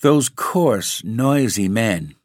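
A man reading a ghost story aloud, voicing a domineering aristocratic baroness who coaxes her husband softly, in a storybook reading. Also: on the low side, expressive, very slow, no room sound, studio quality. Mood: disdainful. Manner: soft, coaxing and fussy.

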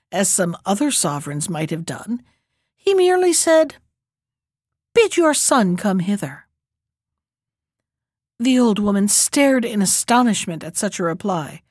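A woman librarian reading a folktale aloud in an expressive, lively storytelling manner on a close mic. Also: fairly high pitch, dry recording.

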